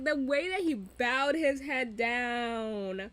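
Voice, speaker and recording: A woman's voice: a little high, animated, slow pace, a bit bright. A woman host giving a casual, profane, laughing recap of a TV episode. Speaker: reaction channel host.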